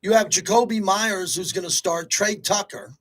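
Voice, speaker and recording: A man hosting a sports talk radio show, talking in an energetic, rapid-fire, conversational way. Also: high-pitched.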